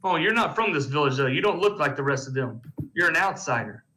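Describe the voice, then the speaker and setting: A man's voice: a little high, expressive, fast talker, sharp tone, a little hiss or hum, poor audio. A man voicing a suspicious, bossy male monk enforcer in a tabletop game, who talks in blunt, demanding questions.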